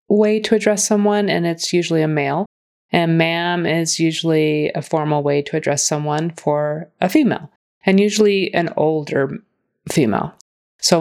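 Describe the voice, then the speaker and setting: Lady tutor, lowish voice, slow and patient, says phrases over and over. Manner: patient, explains slowly, models phrases aloud. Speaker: accent and grammar coach. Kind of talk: reviewing a student's recording.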